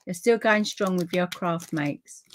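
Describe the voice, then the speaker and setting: A middle-aged woman with a British accent hosting a relaxed live papercraft stream, chatting to viewers and easily delighted. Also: on the low side, measured pace, noisy background. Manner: chatty and easily delighted, with frequent gasps and laughs.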